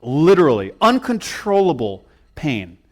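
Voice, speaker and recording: A young male pastor tells a long personal story from the pulpit. His voice sits somewhat high, and he pokes fun at himself as he acts out what people said. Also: unhurried. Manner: animated, self-mocking storytelling with acted-out quotes. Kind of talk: storytelling sermon. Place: church sanctuary.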